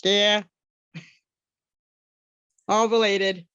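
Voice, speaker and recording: A woman's voice: mid-range voice, little pitch movement, extremely slow, fairly bright tone, clean tone, no room sound, lo-fi sound. A woman client giving brief answers during a reading. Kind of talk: casual conversation.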